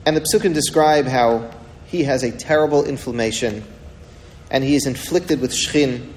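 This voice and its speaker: A man's voice: mid-range voice, normal speed, a little mellow, in a large hall, a little hiss or hum. A man giving a Torah lecture, retelling a story dramatically and asking rhetorical questions. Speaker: rabbi teaching a Torah class.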